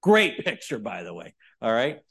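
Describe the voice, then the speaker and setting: A middle-aged man preaching a sermon, moving between loud, emphatic points and quiet, chatty asides to the congregation. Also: mid-range voice, wildly swooping pitch, moderate pace, gravelly, husky. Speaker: pastor.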